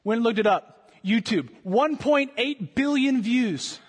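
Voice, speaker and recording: A man preaching a sermon with passion, firing rhetorical questions and swinging from loud to hushed. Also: very high voice, lively intonation, a little slow, husky. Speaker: pastor. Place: church sanctuary. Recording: long reverb of a large hall.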